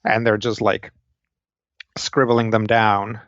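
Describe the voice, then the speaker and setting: A man's voice: lowish voice, flat delivery, slow pace, a bit bright, no echo, muffled recording. A man narrating a tabletop game as game master, describing scenes in a loose, meandering way.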